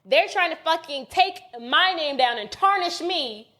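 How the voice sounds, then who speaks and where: High-voiced, blunt, swearing woman in her late twenties. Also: animated, unhurried, pushed and bright. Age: late 20s. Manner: blunt, profane, heated storytelling. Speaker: podcast co-host. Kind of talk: casual storytelling chat. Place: podcast studio.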